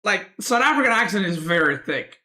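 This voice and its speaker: Man, game streamer, relaxed chat with viewers, bright tone, desk mic. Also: sits high, a little fast. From Serbia. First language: Serbian. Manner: relaxed, answers chat questions aloud.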